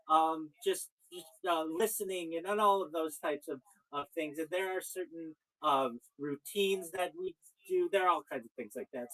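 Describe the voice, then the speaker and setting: Rabbi guy chatting, kinda high-pitched, keeps jumping in with wait wait. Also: a bit bright, poor audio. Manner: talkative, cuts in with repeated "wait". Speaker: rabbi, show host. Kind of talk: casual conversation.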